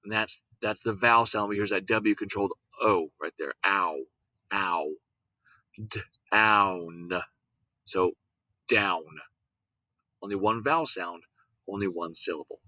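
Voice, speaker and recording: A man teaching a lesson, patient, repeating words and sounding them out slowly. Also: lowish voice, sharp tone, no room sound, low-quality recording. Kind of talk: recorded classroom lesson on syllables.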